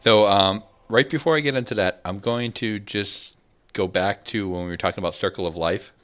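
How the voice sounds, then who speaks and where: A man's voice: lowish voice, moderate pace, a bit bright. A man co-hosting a casual gaming podcast, easygoing and explaining game details at length. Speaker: podcast co-host.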